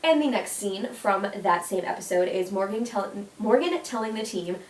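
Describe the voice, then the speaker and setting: A woman's voice: mid-range voice, lively intonation, moderate pace. Gushing young woman in an echoey room. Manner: gushing, emotional, many "like" and "oh my gosh". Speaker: YouTuber. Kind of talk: casual vlog countdown. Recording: echoey room, mic at a distance.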